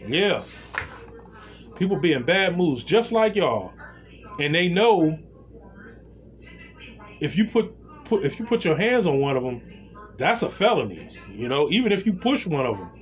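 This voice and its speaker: A man talking straight to camera in a loose, unscripted monologue, his voice sitting a little high for a man and swinging up and down as he tells his story. He swears freely and keeps turning to his viewers to address them directly. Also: big pitch swings, moderate pace, long pauses. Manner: talks straight to viewers as "y'all". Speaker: vlogger.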